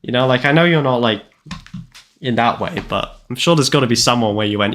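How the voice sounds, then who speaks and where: A man's voice: medium pitch, fairly quick, a bit bright, a little hiss or hum. A man, chatting casually and rambling with self-deprecating jokes while streaming a game. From Canada. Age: 20s. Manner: rambling, self-deprecating, jokey, lots of "like" fillers. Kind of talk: casual gameplay live-stream chat.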